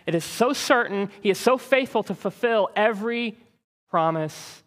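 A man preaching a sermon, teaching in an animated, conversational way and checking in with the listeners with frequent asides. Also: high voice, normal speed, in a large hall. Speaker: pastor.

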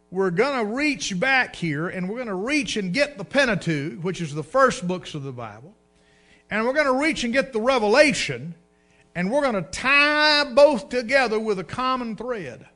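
A man preaching with a high, bright, ringing voice. He builds his points with emphasis, slows right down to read scripture aloud, then lets the ends of phrases fall quiet. The delivery is that of a pastor in the pulpit. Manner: drops to a hushed low voice at line ends. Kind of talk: sermon.

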